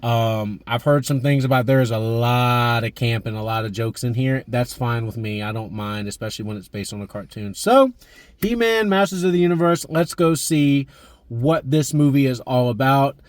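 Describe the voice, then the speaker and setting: A man's voice: mid-range voice, moderate pace, no echo. A man in his thirties chatting enthusiastically about a movie as a vlog host, with plenty of fillers. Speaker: movie review vlogger. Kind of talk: casual chat.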